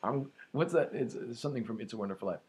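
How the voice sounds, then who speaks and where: A man's voice: medium pitch, rapid-fire, a crowd in the background. A man co-hosting a comedy podcast, chatting casually and reading out follow-up news with frequent chuckles. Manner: rambling, chuckly, reads out news items. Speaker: podcast co-host.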